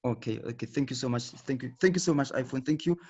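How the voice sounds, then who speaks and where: A man's voice: medium pitch, fast, dark tone, breathy edge. A man teaching a live online lesson, explaining patiently and repeating himself, often checking in with "okay". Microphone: video call. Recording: dull lo-fi online audio.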